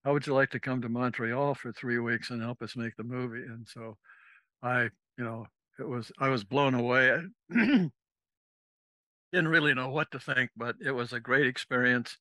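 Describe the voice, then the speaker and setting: A man's voice: medium pitch, fairly even intonation, moderate pace, pushed and bright, dry recording. A man, a former navy officer, telling a rambling, casual story as a podcast guest and acting out the lines of the people in it. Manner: rambling, acts out quoted dialogue.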